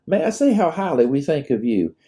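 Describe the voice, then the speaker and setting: A man's voice: fairly high pitch, very animated, brisk, dark tone, pitched above the performer's own voice. A man voicing a formal, courteous Civil War lieutenant in his own storybook reading. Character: polite young Confederate lieutenant, courteous.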